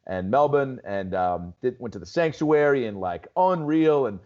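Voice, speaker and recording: A man's voice: medium pitch, lively intonation, moderate pace, a little mellow, dull audio. A man from Seattle, a stand-up comedian, chatting loosely as a podcast guest, full of "dude" and "like". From Seattle, USA. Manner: loose storytelling, lots of "dude" and "like". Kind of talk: casual podcast chat.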